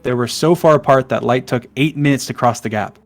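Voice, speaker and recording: A man's voice: mid-range voice, brisk. A man reading a long poem aloud in a hurry, tripping over words and breaking off with asides. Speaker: online content creator.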